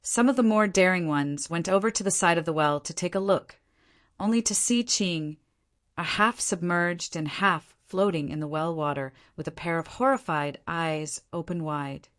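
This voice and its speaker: A woman narrating a translated novel audiobook in a steady storytelling manner. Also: fairly low pitch, moderate pace. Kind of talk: scripted narration.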